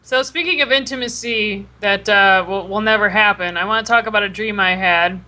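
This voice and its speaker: A woman's voice: mid-range voice, fairly quick. A young woman co-hosting a live-streamed chat, telling a story with lots of swearing. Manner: animated, profane storytelling. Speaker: podcast co-host. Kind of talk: casual chat.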